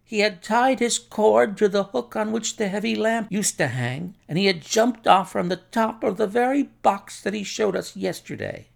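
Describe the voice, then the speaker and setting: A man puts on a horrified doctor whose voice climbs high with distress. The delivery is agitated and pleading, with a gravelly edge. It sounds like an audiobook character voice. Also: moderate pace, hardly any pauses. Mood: frantic. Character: distraught male doctor, frantic and shaken.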